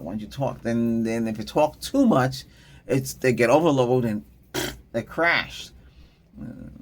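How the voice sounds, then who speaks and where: Gravelly husky man rambling on his vlog. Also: medium pitch. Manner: chatty, laughs often, trails off and restarts. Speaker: tech channel host. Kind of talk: casual rambling vlog chat.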